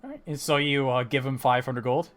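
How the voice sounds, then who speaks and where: A man's voice: medium pitch, brisk. A man running a tabletop game as dungeon master, narrating with lots of fillers and frequent laughter. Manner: animated, laughs often, filler-heavy.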